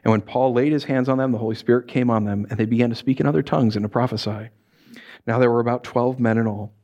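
A man preaching a sermon, reading scripture and telling stories with lively, acted-out voices. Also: medium pitch, quick pace. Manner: animated storytelling with acted-out voices.

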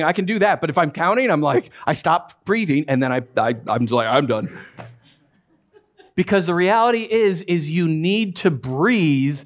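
A male pastor preaching a sermon in a conversational, playful way, with self-deprecating humor and emphatic repetitions. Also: fairly high pitch.

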